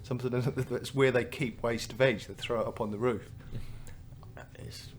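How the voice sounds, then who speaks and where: A man's voice: medium pitch, steady tone, unhurried. A man sharing local gossip in casual podcast chat, chuckling as he goes. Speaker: podcast co-host. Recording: faint background noise.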